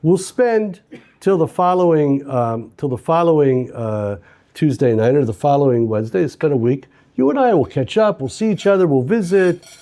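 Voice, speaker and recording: A man voicing an eager adult man who excitedly lays out a plan in a told story. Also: on the high side, moderate pace. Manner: upbeat, persuasive, animated. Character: eager adult man planning a reunion with his friend.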